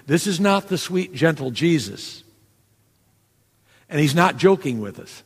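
A pastor with a high, gravelly, sing-song voice preaches a sermon in a chatty, unhurried way, acting out quoted lines and dropping asides to his listeners. A long reverb surrounds him, as if he were in a church sanctuary.

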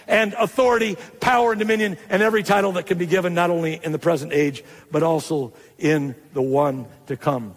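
A male pastor preaching a sermon to a live congregation, getting excited as he goes. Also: high-pitched, in a large hall. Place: church hall.

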